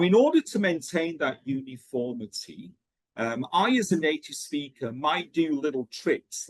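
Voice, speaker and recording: Husky, lively-voiced man explaining teaching methods. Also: a little high, no room sound. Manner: explanatory, checks in with frequent "okay?". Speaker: teacher trainer. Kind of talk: pronunciation teaching webinar.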